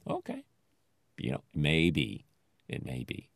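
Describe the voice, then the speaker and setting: Very deep-voiced man, rambling. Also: wildly swooping pitch, takes it slowly, gravelly, slightly rough, dry recording. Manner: rambling, thoughtful, many fillers. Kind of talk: casual retelling of a TV episode.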